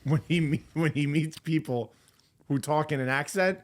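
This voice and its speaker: A man's voice: on the high side, normal speed. A man working as a podcast's producer, chatting casually in an easygoing, agreeable way with short replies. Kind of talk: casual chat.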